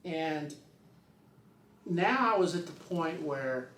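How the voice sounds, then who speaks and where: Older guy rambling through a story, kinda higher voice, roomy echo, far from the mic. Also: expressive, slow, fairly bright tone, a little hiss or hum. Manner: rambling, acts out the other people's voices. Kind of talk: casual spoken storytelling. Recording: roomy sound, distant from the mic.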